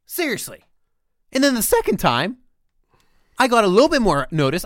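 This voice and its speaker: A man with a Pittsburgh accent chats and rants on a podcast, his voice rising and dipping in lively swings. The room sounds dry and close. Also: sits high, moderate pace, pauses often, no room sound. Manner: ranting, exasperated. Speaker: podcast co-host. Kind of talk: casual chat.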